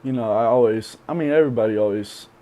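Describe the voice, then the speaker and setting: A young man being interviewed on a podcast, speaking candidly and reflectively, with many pauses and fillers. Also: mid-range voice, mellow. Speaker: podcast guest.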